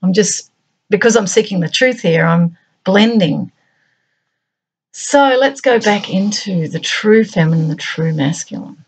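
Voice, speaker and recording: A middle-aged woman hosting her own channel, musing aloud in a reflective monologue of short, halting phrases. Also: medium pitch, animated, husky. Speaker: channel host.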